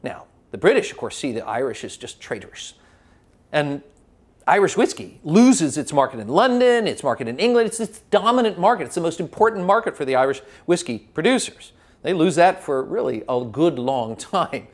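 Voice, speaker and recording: A man giving a lively classroom lecture as a spirits educator, telling history like a story with small restarts. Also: fairly high pitch, fairly quick.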